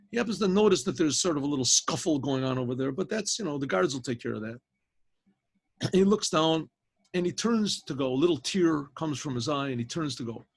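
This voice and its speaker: Rabbi, male, husky voice, slightly high, storytelling, clears throat often. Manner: animated teller, frequent throat clearing and restarts. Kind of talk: spoken storytelling to a class. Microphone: video call.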